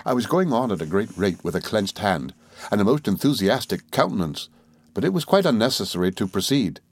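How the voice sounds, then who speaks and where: A man reading a classic novel aloud as an audiobook narrator, in a measured storytelling manner. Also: lowish voice, big pitch swings, slightly rough, dry recording.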